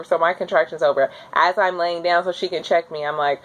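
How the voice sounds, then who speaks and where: A young woman casually telling her own birth story to camera, acting out her screams and pleas in a high, strained voice. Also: fairly even intonation, brisk, few pauses.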